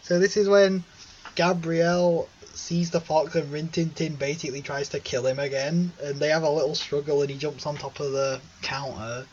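A man's voice: on the high side, steady tone, moderate pace, darkish tone, highs cut off, a little hiss or hum. A man co-hosting a film podcast in casual chat, chatty and detail-focused, often giggling. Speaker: podcast co-host.

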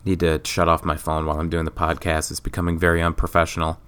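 A man hosts his own podcast alone, ranting in a loose, sarcastic, profane way. His voice sits a little low but sounds bright and crisp, with a clean, smooth tone. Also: completely flat delivery, fast talker. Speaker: podcast host. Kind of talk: casual solo rant.

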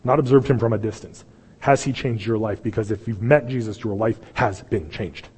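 Male pastor, impassioned sermon delivery, husky, long hall echo. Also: fairly low pitch, normal speed. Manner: impassioned, swings from loud pleading to hushed. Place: church sanctuary.

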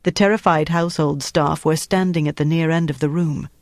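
A man's voice: a little high, dry recording. Man narrating a thriller in a dry studio. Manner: measured, even storytelling delivery. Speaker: audiobook narrator. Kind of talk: scripted narration.

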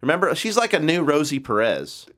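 A man's voice: a little high, sing-song, a little fast, fairly bright tone. A man co-hosting a podcast, teasing his partner with dry sarcasm. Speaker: podcast co-host. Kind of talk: casual chat.

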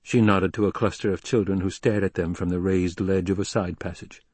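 Narrateur au timbre grave et sec. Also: male voice, sits low, fairly even intonation, brisk, a little mellow, husky, no echo. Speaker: audiobook narrator. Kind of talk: scripted narration.

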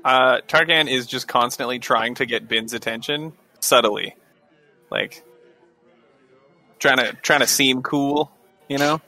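Bright male player, mid pitch, chatty and jokey, soft music behind. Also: measured pace, long pauses. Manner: jokey, rambling. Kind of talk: casual chat at a game table.

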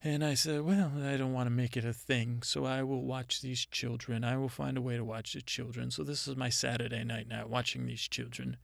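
A man playing gravelly, rambling Mother Nature. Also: mid-range voice, no echo, clean studio sound. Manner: rambling, halting, deadpan storytelling. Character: rambling, self-important female Mother Nature spirit. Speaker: improv comedian. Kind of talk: improvised comedic monologue.

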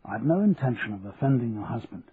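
A man's voice: mid-range voice, very animated, fast talker, natural voice. A male narrator voicing an earnest, polite young man with a London accent, on a tinny radio recording with faint hiss. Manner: polite and persuasive.

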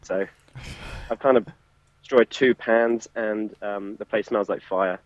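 A man's voice: lowish voice, steady tone, measured pace, dry recording. A man from England on a phone call, telling stories in a chatty, laughing way, his English accent tinged with Australian. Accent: English, with some Australian. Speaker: podcast guest on a phone call. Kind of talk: casual chat. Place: working in a café. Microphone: phone speaker on a call.

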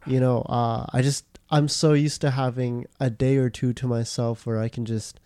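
A man's voice: medium pitch, little pitch movement, normal speed, dark tone, clear, resonant tone, no echo, clean studio sound. A young man co-hosting a podcast, rambling in casual chat with lots of fillers and restarts. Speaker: podcast co-host.

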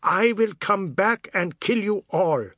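A man's voice: high-pitched, lively intonation, slow, a bit bright, no room sound, voice pushed up, heavily acted. A man voicing an enraged young man who screams threats, close to sobbing. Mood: furious, tearful.

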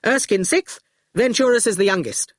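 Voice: mid-range voice, normal speed, no room sound, clean studio sound, voice pushed up, close to an everyday voice. Reader putting on Archer, a breezy scheming man. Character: cheerful scheming grown man who bullies. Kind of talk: audiobook character voice.

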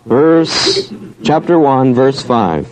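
A man teaching a Bible study, reasoning aloud, asking himself questions and answering them, and reading verses in a drawn-out cadence. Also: medium pitch, poor audio.

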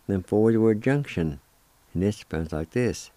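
A middle-aged man teaching words slowly, spelling them out and repeating each syllable, with gentle encouragement. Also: lowish voice, animated, no echo. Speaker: language teacher and radio host. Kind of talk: slow spoken language lesson.

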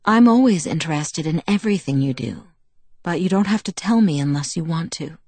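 Woman voicing calm protective young man, lowish voice, soft and measured, dry close read. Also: dry recording. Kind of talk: audiobook dialogue reading.

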